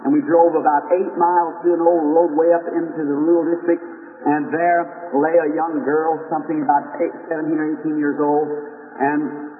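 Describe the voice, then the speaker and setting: Earnest preacher in a tinny 1940s recording. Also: male voice, fairly high pitch, little pitch movement, normal speed. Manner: earnest, rambling, addresses audience as friends. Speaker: evangelist preacher. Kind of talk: storytelling sermon. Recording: tinny 1940s sermon recording in echoey hall.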